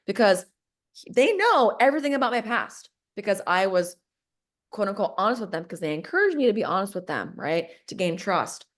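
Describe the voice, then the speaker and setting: A woman recounts a personal story in a casual podcast conversation. She acts out what each person said and often breaks into laughter. Her voice sits in a middle pitch. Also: very animated, fairly quick.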